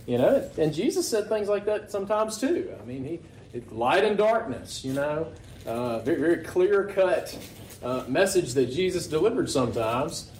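A man preaches a sermon in an easy, conversational way and keeps checking in with the congregation through rhetorical questions. His voice sits a little high for a man. The recording has a roomy church echo and a faint hum of ambience. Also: big pitch swings, moderate pace, a little mellow. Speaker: pastor.

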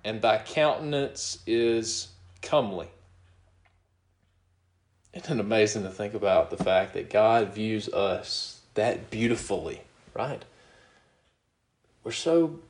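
A middle-aged man preaching a sermon as pastor, talking in a relaxed, conversational way, often chuckling and asking "you know what?". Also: on the low side, slow, long pauses, roomy sound.

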